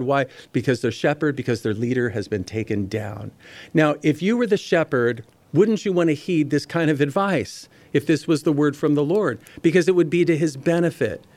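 A man's voice: on the high side, lively intonation, normal speed, darkish tone, no room sound. A man preaching a Bible teaching sermon. He reads passages aloud and explains them in a conversational way, speaking directly to his listeners. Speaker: pastor.

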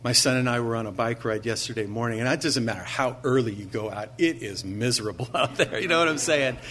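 Male pastor, mid-range voice, conversational sermon, leans on rhetorical questions, slows for emphasis. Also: mid-range voice, fairly bright tone, a little hiss or hum. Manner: earnest, slows down to stress key phrases.

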